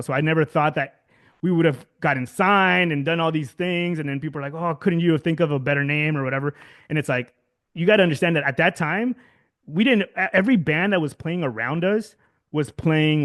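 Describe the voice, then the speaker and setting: A man in his thirties, a guest musician from Southern California, talking casually in an interview, rambling with lots of fillers and restarts. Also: a little high. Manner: rambling, many fillers and restarts, laughs often.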